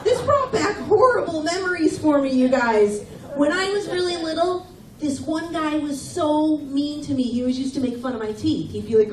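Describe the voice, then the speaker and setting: A woman's voice: high voice, moderate pace. A middle-aged woman doing a stand-up comedy set, with brash, teasing banter aimed at the audience. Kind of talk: stand-up set with crowd work. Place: comedy club stage. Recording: echoey room, mic from far off, loud crowd. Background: audience laughter.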